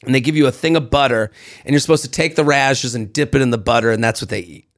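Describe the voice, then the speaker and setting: A man co-hosting a casual podcast chat, telling stories in an animated way and swearing freely. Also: mid-range voice, fast talker. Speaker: podcast co-host.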